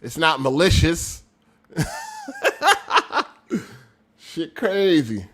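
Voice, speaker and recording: A man hosting a casual gaming podcast livestream, reading viewer messages aloud, talking loud and animated, laughing often, in street slang. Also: a little high, moderate pace. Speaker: podcast host reading super chats.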